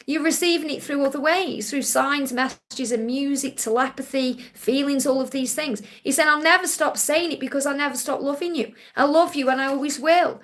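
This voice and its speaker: Female live-stream psychic host, high voice, gentle, reassuring delivery. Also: normal speed, hardly any pauses. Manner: gentle and reassuring, ends points with a soft "okay?"; relays messages in first person with emphatic repetition. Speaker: psychic card reader hosting a live Q&A.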